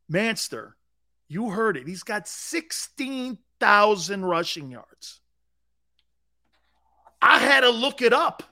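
A man's voice: on the high side, slow pace, pauses often, no echo, clean studio sound. Emphatic male sports radio host. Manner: storytelling, emphatic repetition, rising excitement. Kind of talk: animated sports talk radio.

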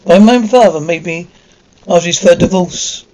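An actor playing a young male college student in a TV drama, talking in a quick, griping way. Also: sits high, darkish tone, lightly acted, low-quality recording. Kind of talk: TV drama dialogue.

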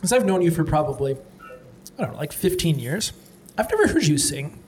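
Enthusiastic higher-voiced man host. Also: sing-song, fairly quick, a little mellow. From Canada. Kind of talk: casual food-review chat. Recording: clear background noise.

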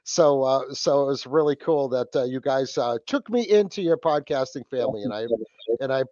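A man's voice: medium pitch, normal speed, warm tone, no echo, muffled recording. A man from New England with a Boston accent, chatting casually as a podcast guest, rambling with lots of fillers and restarts. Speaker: podcast guest, host of his own podcast.

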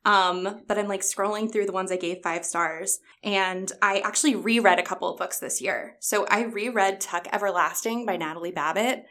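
A woman's voice: medium pitch, moderate pace, hardly any pauses, bright, forceful tone. Chatty, laughing woman librarian. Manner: chatty, enthusiastic, laughs often. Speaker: children's librarian. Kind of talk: casual podcast chat.

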